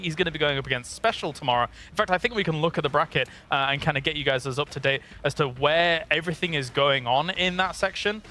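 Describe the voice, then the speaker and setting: A man hosting an esports analysis desk, throwing questions to the panel and agreeing quickly. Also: fairly high pitch, sharp tone.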